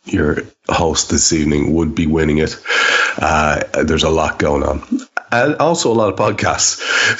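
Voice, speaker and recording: Very deep-voiced man hosting. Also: a bit bright. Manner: rambling, self-deprecating, many fillers and restarts. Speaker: podcast host. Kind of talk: casual chat. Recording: dull lo-fi sound.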